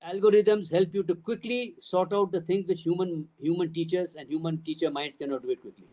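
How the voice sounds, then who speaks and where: Speaking warmly, high-pitched and fairly quick, an older Indian English-accented man addresses parents at a town hall as head of a school trust. He is emphatic, stacking up his points with repeated phrases and rhetorical questions.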